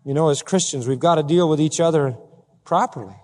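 A male pastor preaching a sermon, full of rhetorical questions and building to forceful, emphatic climaxes. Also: on the high side, a little fast. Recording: long hall reverb.

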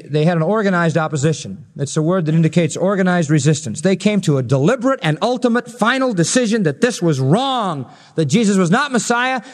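A man's voice: high-pitched, long reverb tail. A male pastor preaching an expository sermon, telling the story dramatically and acting out the quotes he reads.

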